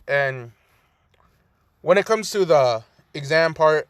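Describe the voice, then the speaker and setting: A man's voice: a little high, expressive, takes it slowly, clear, resonant tone, no room sound. A young man in his twenties casually rambling through a fan story retelling, profane and loose, full of fillers, at home by a cracked window.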